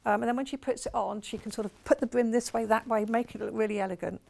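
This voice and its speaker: A woman's voice: on the high side, steady tone, fast talker, vocal fry, a little mellow. A woman with a Portsmouth accent presenting products live on a shopping channel in a television studio, chatty and rambling, gushing over what she shows. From England.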